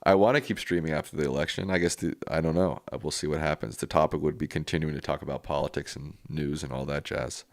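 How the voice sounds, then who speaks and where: A man's voice: extremely low pitch, steady tone, fast talker, few pauses, no echo, clean studio sound. A man hosting a live stream, reading viewer comments aloud and answering them in a casual, plainspoken way.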